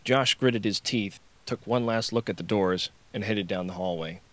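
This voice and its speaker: Expressive low-voiced male audiobook narrator. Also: normal speed. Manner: expressive storytelling.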